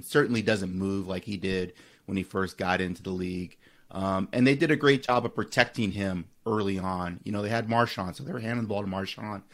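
Low-voiced man giving sports analysis. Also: fairly bright tone. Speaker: guest reporter.

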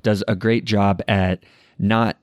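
A man hosting a casual movie review chat, measured and thoughtful as he asks questions. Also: lowish voice, level tone, no room sound, studio quality.

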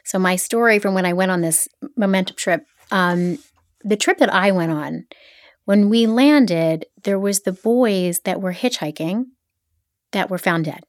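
Animated middle-aged woman telling stories. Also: medium pitch, dry recording, clean studio sound. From Philadelphia area. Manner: animated storyteller, quick asides. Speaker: podcast guest. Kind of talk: casual interview chat.

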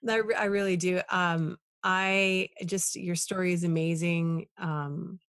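A woman's voice: fairly low pitch, fairly even intonation, measured pace, clean tone. A woman hosting a podcast, chatting enthusiastically with her guest and then narrating the closing. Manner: warm and enthusiastic, laughs, many fillers. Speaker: podcast host. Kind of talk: casual interview chat and closing narration.

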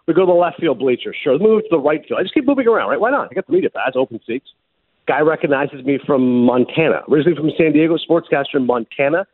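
A man hosting a sports radio show, telling stories in a lively, laughing way. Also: fairly high pitch, fast, husky, no echo. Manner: animated storyteller, laughs often. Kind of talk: casual sports talk. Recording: muffled phone-like broadcast sound.

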